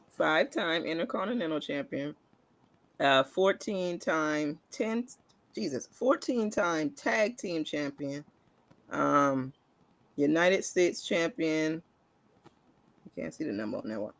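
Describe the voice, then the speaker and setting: A man's voice: on the high side, lively intonation, takes it slowly, gravelly, no echo. A man co-hosting a wrestling podcast, reading a list off a shirt with amused, laughing commentary. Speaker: podcast co-host. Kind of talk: casual wrestling chat.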